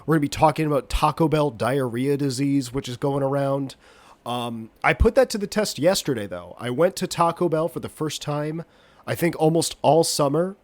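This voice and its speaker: A man's voice: a little high, expressive, normal speed, no echo. A man hosting a solo podcast while getting over a cold, congested and nasally, rambling and joking at his own expense. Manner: rambling, jokey, self-deprecating. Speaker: podcast host.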